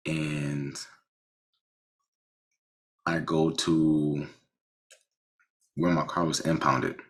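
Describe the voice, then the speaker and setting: A man casually telling a personal story about a car accident, animated, with frequent restarts and blunt swearing. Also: very deep voice, very slow.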